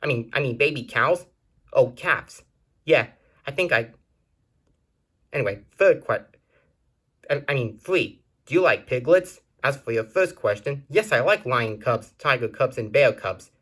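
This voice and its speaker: A man's voice: mid-range voice, expressive, measured pace, a bit bright, husky. A man hosting his own channel, reading out viewer questions and answering them in a plain, earnest way, often stopping to correct himself. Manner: plain, earnest delivery with frequent self-corrections.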